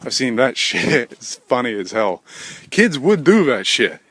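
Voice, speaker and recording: This English vlogger, a young man, speaks at a measured pace in a mid-range voice that is a bit bright and slightly rough, with big swings in pitch. The recording is dry, though wind noise and passing cars come through as he walks by a road, filming himself handheld and rambling self-deprecatingly with plenty of swearing.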